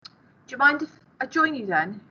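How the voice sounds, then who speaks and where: Woman teacher voicing a frightened young homeless girl from a storybook reading, soft and hesitant, pitched up a little. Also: big pitch swings, normal speed, highs cut off, slight background noise, exaggerated voice. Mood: curious.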